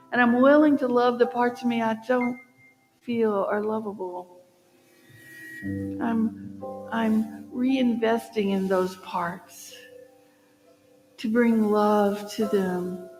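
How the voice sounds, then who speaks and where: A woman minister leading a guided meditation in a church, speaking slowly and soothingly. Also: fairly high pitch. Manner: slow, soothing, rising to celebratory. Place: church sanctuary. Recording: long church reverb with music behind.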